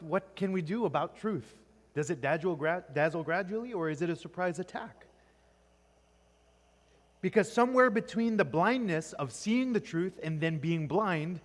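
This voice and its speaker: A high-voiced man teaches a poetry class in a church classroom, constantly quizzing students and ending nearly every point with "right?" The recording has long, echoing reverb.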